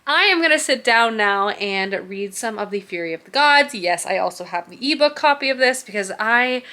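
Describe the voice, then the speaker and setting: A woman's voice: fairly high pitch, lively intonation, moderate pace, pushed and bright, echoey room. A woman book vlogger chatting casually at home, enthusiastic and full of "like" fillers. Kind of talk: casual vlog chat. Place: home under construction, indoors.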